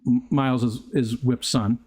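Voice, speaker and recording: A man's voice: medium pitch, flat delivery, darkish tone. Rambling older man chatting on a livestream. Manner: rambling, halting, with frequent restarts and fillers. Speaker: livestream host. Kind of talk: casual live chat reading viewer comments. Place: outdoors near a pond.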